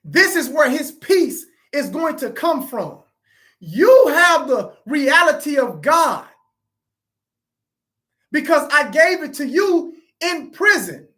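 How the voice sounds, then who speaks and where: Grieving woman, halting and higher-pitched. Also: big pitch swings, fairly bright tone. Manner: halting, repeats herself, addresses listeners as family. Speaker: grieving parent hosting a live stream. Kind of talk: emotional live-stream testimony.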